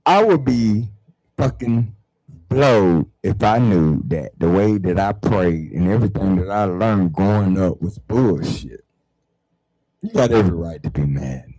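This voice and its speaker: A man hosting his own show, ranting heatedly to viewers about religion and spirituality, swearing a lot and repeating words, swinging from low mutters to loud outbursts. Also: animated, measured pace, dry recording, low-quality recording. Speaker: online show host. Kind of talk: profane spiritual rant to viewers.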